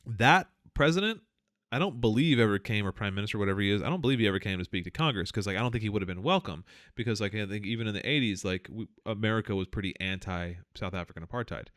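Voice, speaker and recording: A man's voice: fairly low pitch, animated, quick pace, fairly bright tone, no echo, clean studio sound. A man co-hosting a podcast, talking in a casual, rambling, profane way with many fillers and restarts. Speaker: podcast co-host. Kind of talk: casual political chat.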